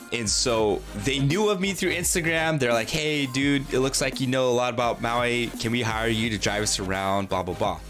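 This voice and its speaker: A man's voice: medium pitch, a bit bright. A man hosting a casual livestream interview, rambling and chatty, acting out quotes and talking to his chat. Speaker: livestream host.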